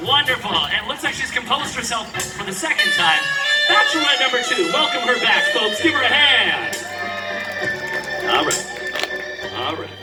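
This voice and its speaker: A man's voice: very high-pitched, very animated, moderate pace, long pauses. A man hosting a live comedic game show, a brash, showy announcer working the crowd. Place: outdoor theme park street show. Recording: distant echoey outdoor live recording, loud music and crowd.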